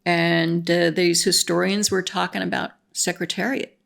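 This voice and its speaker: Woman vlogger with a gravelly voice, enthusiastic and rambling, casual monologue. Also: lowish voice, little pitch movement, normal speed, a bit bright. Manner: enthusiastic and rambling, full of fillers.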